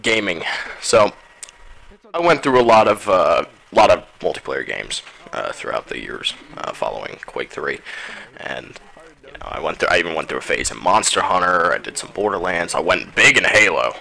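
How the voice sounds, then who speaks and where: A man's voice: sits low, expressive, normal speed, gravelly, pushed and bright, poor audio. A young man telling rambling, profane stories about his gaming past in a casual monologue, often stopping to search for names. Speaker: gaming vlogger.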